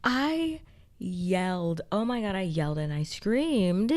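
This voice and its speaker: A young woman casually recapping and reviewing a TV episode, excitable and chatty with many fillers. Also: mid-range voice, slow pace. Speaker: pop culture video essayist.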